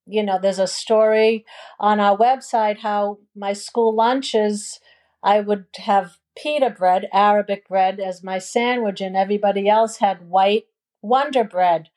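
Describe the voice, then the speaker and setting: A woman in her sixties talking as a guest in a relaxed interview, her voice at a middle pitch. She tells family stories easily, with plenty of ums and you knows. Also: unhurried. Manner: warm storytelling with many ums and you knows. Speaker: guest, food business owner. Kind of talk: casual interview chat.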